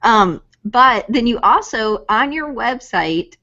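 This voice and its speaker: A woman's voice: fairly high pitch, animated, slow, sharp tone, highs cut off. A woman hosting a live-streamed interview, reading out viewer comments and rambling with many ums and restarts. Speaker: interview host.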